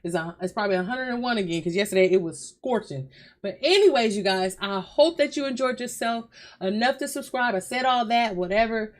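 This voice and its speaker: A woman's voice: on the high side, a little fast. A woman hosting a reaction video, chatting loosely with her viewers from a hot bedroom at home, swearing freely and calling them y'all. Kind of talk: casual chat to viewers.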